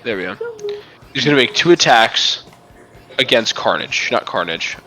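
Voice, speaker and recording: A man's voice: medium pitch, expressive, normal speed, sharp tone. A young man running a tabletop game as game master, narrating in a casual, rambling way and swearing freely.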